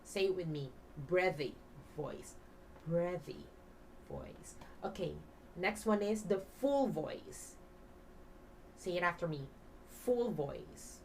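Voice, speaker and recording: A woman's voice: fairly low pitch, expressive, takes it slowly, recorded from a distance, a little hiss or hum, poor audio. A woman teacher giving a demo lesson in English, explaining step by step with many fillers and having the class repeat after her. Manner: breathy half-whisper when demonstrating.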